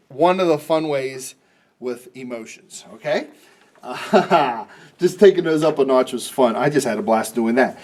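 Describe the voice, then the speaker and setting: A man's voice: a little high, big pitch swings, a little slow. Chatty, playful man teaching cartooning. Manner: chatty and playful, many fillers and restarts. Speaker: cartoonist teaching a drawing class. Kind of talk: casual drawing lesson for kids.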